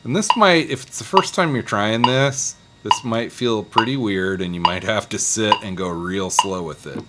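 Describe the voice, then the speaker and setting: A man teaching a casual guitar lesson, talking students through a scale in a relaxed, encouraging way and counting picking strokes aloud. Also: lowish voice, moderate pace, heavy background noise. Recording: loud guitar playing underneath.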